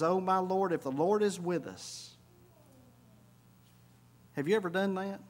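A high-pitched man preaches a sermon. He drops low and quiet when he reflects, then climbs into loud, emphatic runs. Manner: preaching with sudden rises in pitch and volume. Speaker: pastor.

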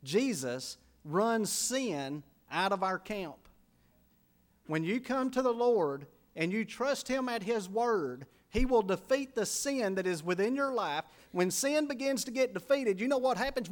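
A man preaching a sermon as pastor, folksy and storytelling, dropping quiet for emphasis. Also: high-pitched, animated, normal speed.

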